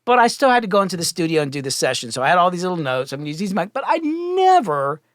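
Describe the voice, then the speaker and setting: A middle-aged man, a music producer, telling stories as a podcast guest, animated and profane, acting out the people he quotes. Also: high voice, rapid-fire, dry recording, studio quality. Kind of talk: casual storytelling.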